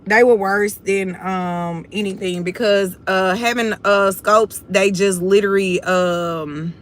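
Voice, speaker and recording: There's slight background noise as a young woman from Houston, Texas takes her time chatting on her livestream. Her medium-pitched voice stays steady, and her Southern Houston accent colors her confident, blunt, casual talk to the viewers she calls y'all.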